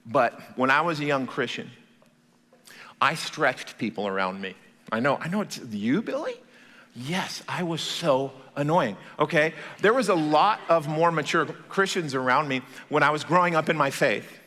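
Bright-voiced, animated male preacher. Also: a little high, normal speed, big-room sound. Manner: animated, playful storytelling. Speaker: pastor. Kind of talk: sermon. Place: church.

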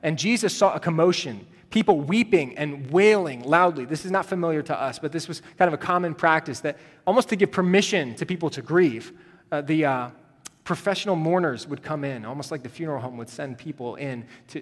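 A male pastor preaching a sermon, moving between hushed, tender passages and rising, urgent emphasis. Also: fairly high pitch, in a large hall.

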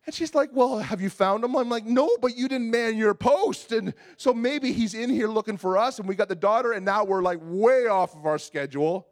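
A man, preaching and telling a funny personal story with animated, exasperated retelling. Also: sits high, normal speed, hardly any pauses. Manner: animated storytelling, acts out his own exasperation. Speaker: pastor. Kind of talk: sermon with a humorous personal story.

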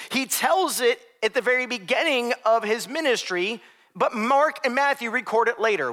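A man's voice: extremely high pitch, pushed and bright. A young adult man preaching a sermon as pastor, conversational with joking asides.

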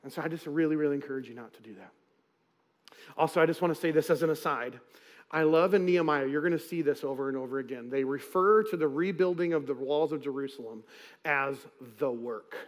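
A man's voice: a little high, brisk. A man preaching a sermon as pastor, conversational and earnest, acting out quoted asides.

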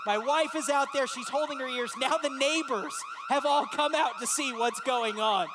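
A man, a pastor, telling a lively personal story in a sermon and acting out the voices in it. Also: very high voice, normal speed, noisy background. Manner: animated, acts out voices in his story.

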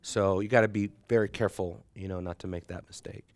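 A man's voice: deep voice, steady tone, fast talker. A man teaching a Bible class in a conversational lecture, joking with and teasing his students and laughing often.

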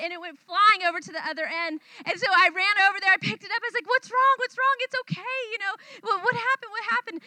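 A woman in her thirties from California gives a youth sermon as a personal testimony. Her voice sits high and sounds bright, and she tells the story with animation, acting out the voices of the people in it. The recording is dry, with no room echo. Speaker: missionary speaker.

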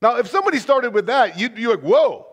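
A man preaching a sermon as pastor, conversational and animated, full of rhetorical questions. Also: very high voice, quick pace.

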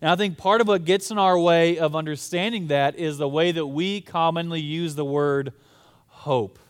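A man's voice: fairly high pitch, fairly even intonation, normal speed, smooth. A young man preaching a sermon in a casual, storytelling way. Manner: casual, storytelling, conversational with fillers. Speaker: pastor.

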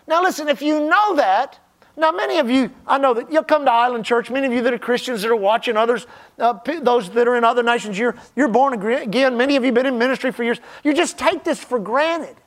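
A male pastor delivering a sermon in a high voice. He leans hard on key phrases and draws them out, then sinks to a near-hush for the quieter points. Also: quick pace. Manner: emphatic preaching, stretching key phrases and dropping to a hush.

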